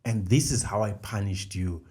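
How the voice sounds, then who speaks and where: Here a middle-aged man with a lowish, slightly mellow voice speaks at normal speed. He co-hosts a conversational faith podcast, explaining ideas step by step while repeating key phrases.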